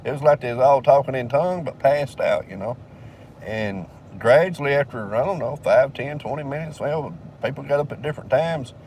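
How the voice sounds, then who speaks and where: A man's voice: mid-range voice, lively intonation, brisk, a little mellow, recorded from a distance, a little hiss or hum. An older man, telling a rambling, profane story in a casual drawl and laughing between lines. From southern United States.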